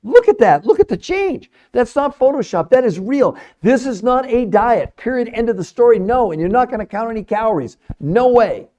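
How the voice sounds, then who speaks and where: Middle-aged guy doing a salesy livestream to chat, kinda high voice, keeps repeating himself. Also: animated, moderate pace, hardly any pauses, warm tone, lo-fi sound. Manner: emphatic, salesy, repeats points for effect. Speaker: livestream host, nutrition researcher. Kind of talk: live stream talk to chat viewers.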